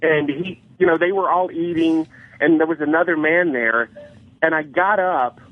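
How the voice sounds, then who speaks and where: A man's voice: fairly high pitch, normal speed. A man calling in to a radio show, telling a rambling, hesitant story. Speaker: caller. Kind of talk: telling an anecdote on the phone. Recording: tinny phone line with faint music.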